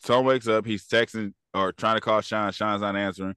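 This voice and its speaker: Smooth-voiced man retelling a movie plot. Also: fairly low pitch, moderate pace, no room sound, studio quality. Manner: animated retelling, acts out characters' lines. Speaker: podcast co-host. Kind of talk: casual movie review chat.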